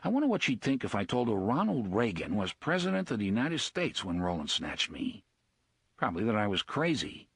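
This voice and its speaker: An edgy, nervous young man, voiced by a male narrator in a storybook reading. The voice is husky and lively in pitch, close to the mic in a dry space. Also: fairly quick, dry recording, full character voice. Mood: wry, uneasy. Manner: nervous, hushed and conspiratorial at times. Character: tense young man, edgy and quick-witted.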